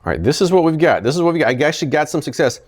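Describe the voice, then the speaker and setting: A man's voice: a little high, sing-song, racing, darkish tone. A man hosting a casual product-testing vlog, talking animatedly and often sounding exasperated, chuckling when a gadget fails. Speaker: product reviewer, channel host.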